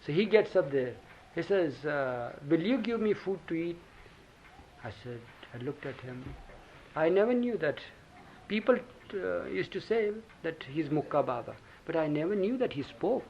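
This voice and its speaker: An older storyteller with an Indian English accent recounts memories casually, laughing softly throughout and acting out quotes with animation. His voice is on the high side at normal speed, heard on a dull lo-fi tape from 1980 with hiss.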